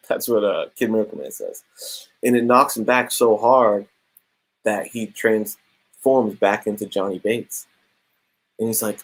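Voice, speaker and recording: Slangy man, husky low voice. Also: rough recording. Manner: slangy, animated storytelling with quick asides. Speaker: comic book reviewer. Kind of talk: casual comic review.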